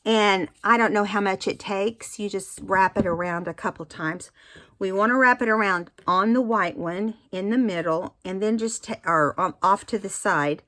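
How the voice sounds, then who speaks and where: A woman's voice: mid-range voice, moderate pace, fairly bright tone, no echo, studio quality. A woman giving a casual craft tutorial, chatty and explaining each step with fillers and restarts. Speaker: craft instructor.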